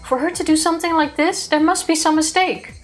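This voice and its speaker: A woman voicing a distraught, kind female schoolteacher with a high, pleading, tearful tone. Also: brisk, soft background music.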